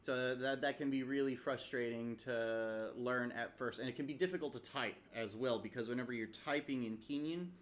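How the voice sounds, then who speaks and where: A man's voice: medium pitch, normal speed, few pauses. A man casually walking through a self-taught language study routine, rambling a little with frequent fillers and sounding out tones as examples. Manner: relaxed, rambling, many uh fillers, demonstrates tones aloud. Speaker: language learner vlogger. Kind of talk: casual screen-share tutorial. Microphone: webcam setup.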